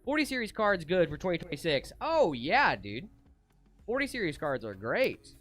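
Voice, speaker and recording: Man, livestream co-host, slightly high voice, casual chat, laid-back, faint music behind. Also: huge pitch swings, normal speed, fairly bright tone. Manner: laid-back, reads chat aloud, calls people dude.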